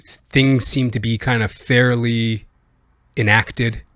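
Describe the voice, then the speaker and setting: A man's voice: mid-range voice, flat delivery, takes it slowly, fairly bright tone, no echo, studio quality. A man hosting a podcast, giving comedic political commentary in a rambling way full of fillers. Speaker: podcast host.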